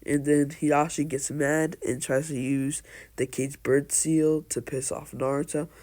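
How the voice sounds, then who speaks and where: A man's voice: a little high, level tone, a little slow, a little mellow. A man casually retelling a fan story, rambling and hesitant, stringing events together with "and so then.".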